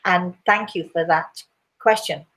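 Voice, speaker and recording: An older woman speaking as a spiritual medium, answering listener questions in a gentle, rambling chat full of fillers and restarts. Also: on the low side, a little slow, rough recording. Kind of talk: casual live chat.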